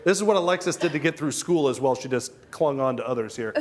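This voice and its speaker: Brief: man in his thirties, weather show co-host, jokey self-deprecating banter, lively pitch, crew chatter behind. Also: quick pace. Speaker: TV meteorologist co-host. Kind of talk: casual studio banter. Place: TV studio.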